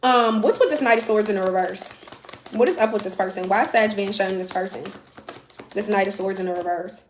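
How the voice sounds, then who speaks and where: A woman's voice: mid-range voice, brisk, reverberant, a little hiss or hum. A woman giving a casual, blunt live tarot reading, chatty and swearing now and then. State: out of breath. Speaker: tarot reader.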